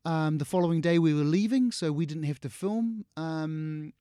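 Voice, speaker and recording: A man's voice: a little high, normal speed, smooth, no echo, studio quality. A middle-aged man with a New Zealand accent, an actor being interviewed, telling casual stories and acting out what people said, laughing often. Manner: animated, acts out quotes, laughs often. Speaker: actor, guest.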